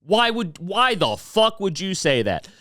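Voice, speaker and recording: A man's voice: sits high, sing-song, unhurried, pushed and bright, no room sound, clean studio sound. A man hosting a casual commentary podcast, rambling and swearing with lots of fillers. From United States. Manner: profane, rambling, with many fillers. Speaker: podcast host.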